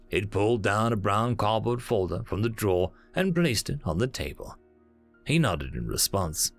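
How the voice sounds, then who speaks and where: A man narrating a science fiction story in a scripted reading, with an expressive delivery. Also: lowish voice, normal speed, no echo, soft background music.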